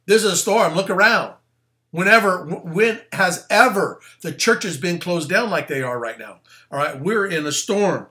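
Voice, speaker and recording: A pastor delivers a loose, conversational sermon, often breaking off for asides. He is a man with a slightly high, bright voice that swings freely up and down. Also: normal speed. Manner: animated and conversational, with plain slang and asides. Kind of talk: casual sermon.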